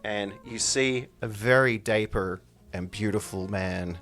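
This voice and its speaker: A man's voice: fairly low pitch, measured pace, a bit bright, soft background music. A man narrating as game master of a tabletop game, casual and swearing often.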